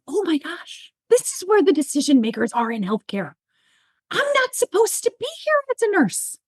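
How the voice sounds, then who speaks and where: A woman's voice: sits high, dry recording, clean studio sound. A woman guest, a nurse entrepreneur, telling stories animatedly and acting out quoted dialogue. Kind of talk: storytelling in interview.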